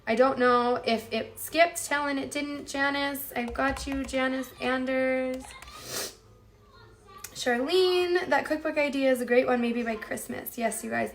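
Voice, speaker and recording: This woman's voice is high and her pace measured, with a little background noise behind her. Running a home cooking livestream, she keeps things chatty and upbeat, reading out viewer comments and addressing everyone as "you guys."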